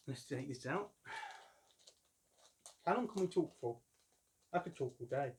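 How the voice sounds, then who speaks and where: A man of about fifty, chatting casually and telling jokey stories as he unboxes a collectible. His voice sits at a plain mid pitch, and he rambles with easy humour. The sound comes from a camera mic indoors at home. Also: lively intonation, unhurried, long pauses, darkish tone, slight background noise. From London, England. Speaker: collector reviewing a figure.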